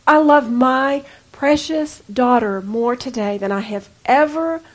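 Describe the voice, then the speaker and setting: Woman, 50s, high-pitched, impassioned women's ministry speaker, emphatic then confiding. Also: unhurried, low-quality recording. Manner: impassioned, swinging from loud emphatic urging to soft confiding. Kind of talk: preaching to a women's gathering.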